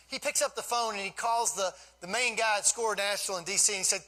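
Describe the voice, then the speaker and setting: A man in his fifties giving an animated, folksy storytelling speech to a live audience as a guest speaker. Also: sits high, fast, rough recording.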